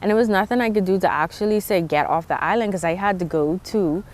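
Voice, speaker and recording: A woman's voice: mid-range voice, quick pace, a little mellow. A young woman with a Bahamian accent, talking candidly to viewers as she tells her own story on a vlog. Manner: candid and chatty, with restarts and asides to viewers. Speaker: vlogger. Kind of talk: personal storytelling to camera.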